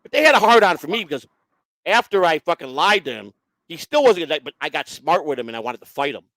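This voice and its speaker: A man's voice: on the high side, fast talker, dry recording, poor audio. A man hosting a casual online show, telling a long profane story and acting out the voices of the people in it. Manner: profane, animated, acts out quoted voices. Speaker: host.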